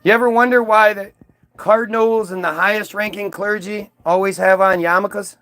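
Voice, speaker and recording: A man's voice: sits high, fairly even intonation, normal speed, a bit bright, no echo. A man delivering a profane, sarcastic ranting monologue, mocking as he goes. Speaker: vlogger.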